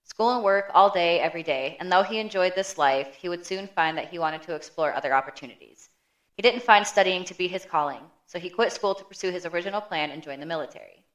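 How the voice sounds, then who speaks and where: A woman co-hosting a podcast, narrating a prepared story in a steady manner with dry quips. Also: lowish voice, fast, dull audio. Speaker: podcast co-host. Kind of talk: reading scripted narration.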